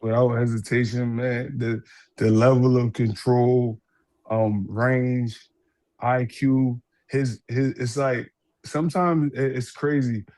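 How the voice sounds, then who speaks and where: A man, a professional boxer, answering an interview question in a halting way, laughing as he recalls things. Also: medium pitch, steady tone, dark tone.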